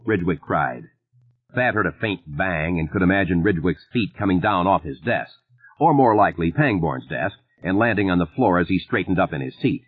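A man reading an audiobook in an expressive, storytelling way. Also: low-pitched, moderate pace, slightly rough. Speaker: audiobook narrator. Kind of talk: scripted narration. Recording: narrow phone-like band.

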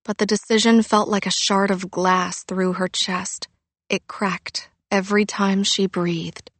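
A woman reading a novel aloud as narrator, in a quiet, measured way. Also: medium pitch, flat delivery, no room sound. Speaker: audiobook narrator. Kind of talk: scripted narration.

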